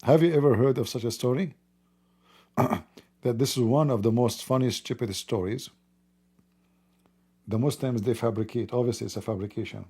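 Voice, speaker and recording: Gravelly man mocking. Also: medium pitch, normal speed, pauses often, mellow. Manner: mocking, laughs often, broken grammar. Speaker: livestream host. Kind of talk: casual late-night livestream talk.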